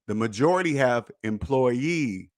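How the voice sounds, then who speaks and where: A man hosting a personal finance podcast in an emphatic, preachy monologue, repeating points and swearing, swinging between loud jabs and low muttered asides. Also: lively intonation, unhurried. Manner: emphatic, preachy, repetitive, with profanity. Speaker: podcast host.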